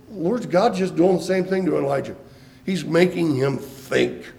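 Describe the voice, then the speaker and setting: A man preaching a sermon in a high, light voice, building to loud, impassioned peaks and dropping back to quiet asides. He puts questions straight to his listeners and leans hard on repeated lines. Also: a little fast, gravelly, slight background noise, poor audio. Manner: impassioned preaching with rising and falling emphasis; asks the congregation direct questions. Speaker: pastor.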